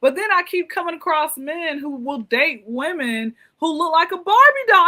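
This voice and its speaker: A woman hosting a comedy talk show, loud and playful, teasing her guest in casual banter. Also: very high voice, big pitch swings, normal speed, few pauses.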